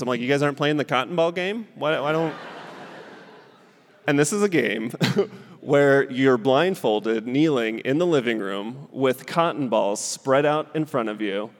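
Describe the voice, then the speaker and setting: A man's voice: medium pitch, in a large hall. A man in his thirties from Southern California, telling stand-up stories and laughing as he talks. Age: 30s. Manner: laughing, animated storytelling with character voices. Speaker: stand-up comedian and guest. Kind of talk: stand-up set then talk-show chat. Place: theater stage.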